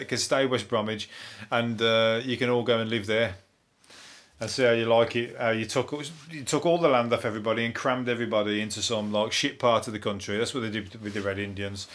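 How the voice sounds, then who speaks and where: A man, a comedian hosting a topical comedy podcast, ranting in a rambling, sweary, deadpan way. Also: medium pitch. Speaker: comedian host.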